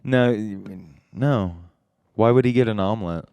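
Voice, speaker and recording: A man's voice: mid-range voice, unhurried, warm tone, clear, resonant tone, no echo. A man hosting a comedy podcast in casual chat. He jokes, laughs often and swears. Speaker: podcast host.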